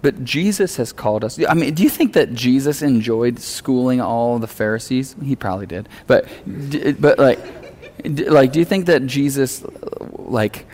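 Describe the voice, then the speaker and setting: A man preaching in a loose, chatty way, earnest about his message. His voice sits at an ordinary middle pitch for a man, and he slips into acted-out lines when he quotes someone. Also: animated, moderate pace, a little mellow. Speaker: pastor. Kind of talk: conversational sermon.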